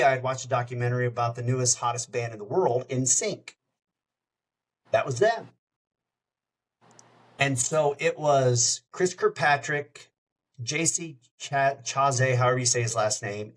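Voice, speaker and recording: On a roughly recorded podcast, a middle-aged radio host with a medium-pitched voice tells stories casually. He's an animated anecdote-teller who acts out the voices of the people he quotes.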